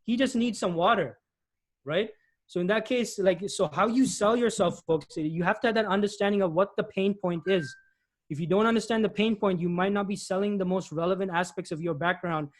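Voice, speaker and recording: Man, high voice, animated presenter, career advice talk, restarts phrases. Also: fairly quick. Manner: animated, repetitive restarts, acts out customers' lines. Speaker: guest speaker, IT recruiter. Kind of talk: presenting tips in a webinar talk.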